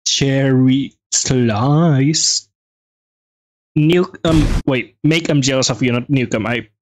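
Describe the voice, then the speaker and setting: A man giving chatty, excitable let's play commentary as a gaming video host, reading on-screen text aloud and reacting quickly. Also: medium pitch, no room sound.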